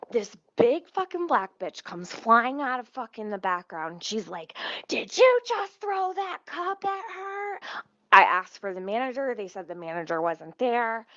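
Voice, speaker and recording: A woman's voice: medium pitch, pushed and bright, no room sound, lo-fi sound. A woman telling a long story on her livestream, rambling, swearing freely and getting sidetracked mid-sentence. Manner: profane, rambling, easily sidetracked.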